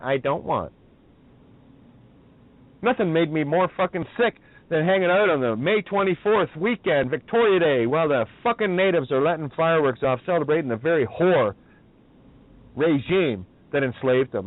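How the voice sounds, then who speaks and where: A man's voice: on the high side, dry recording. Profane ranting man. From Northern Ireland. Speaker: radio host. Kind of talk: ranting talk radio. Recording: tinny phone-line audio, dry.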